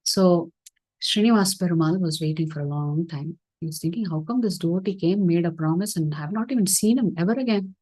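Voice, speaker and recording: A woman teaching scripture through a story, acting out the dialogue in an earnest, gentle way during an online session. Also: on the low side, fairly quick. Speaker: spiritual teacher.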